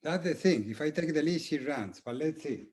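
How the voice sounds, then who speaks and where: A man with a mellow, relaxed voice trains his dog. He speaks in short, clipped commands and brief replies. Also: fairly high pitch, moderate pace.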